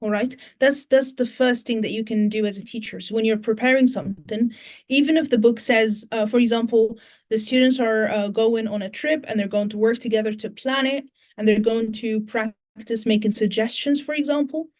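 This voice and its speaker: A woman's voice: on the high side, fairly even intonation, normal speed, darkish tone. A woman teacher trainer with a British English accent, answering audience questions at an online conference and explaining in steps, with many fillers and restarts.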